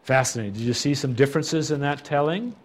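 Guy teaching bible study, reads scripture with feeling, ordinary mid-pitched voice. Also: fast talker. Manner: expressive, reflective reading of scripture.

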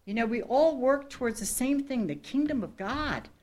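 A woman's voice: high-pitched, lively intonation, moderate pace, darkish tone. A woman missionary telling her story to a congregation in an earnest, rambling way, restarting sentences and laughing at herself. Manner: rambling, with frequent restarts and asides. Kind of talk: personal testimony to a congregation.

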